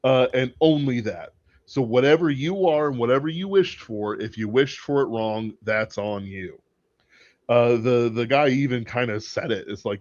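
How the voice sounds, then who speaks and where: A man's voice: medium pitch, moderate pace, darkish tone, dry recording. A man hosting a casual livestream chat about a movie, talking in a rambling, hesitant way with many filler words. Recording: dull, dry lo-fi audio.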